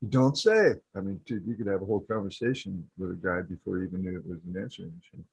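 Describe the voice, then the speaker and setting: A man's voice: low voice, fairly quick, gravelly, husky, dry recording. A man chatting casually on a podcast, playful, laughing often and acting out silly phone voices. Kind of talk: casual chat. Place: home setup on a video call.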